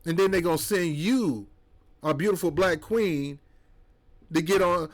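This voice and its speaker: Heated, preachy man with a high voice. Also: animated, measured pace, pauses often. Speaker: commentator. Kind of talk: political monologue.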